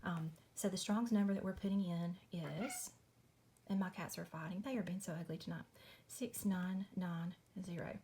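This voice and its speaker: A woman's voice: lowish voice, moderate pace, mellow, a little hiss or hum. A woman, chatting casually through a Bible study at home at night, apologetic and friendly, saying y'all. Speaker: Christian video host.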